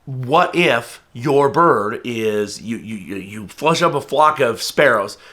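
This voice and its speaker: Talking casually to camera, an American falconer earnestly explains hunting rules in a conversational way, now and then acting out what others might say. His voice is medium-pitched, expressive and sharp in tone, at a slow pace.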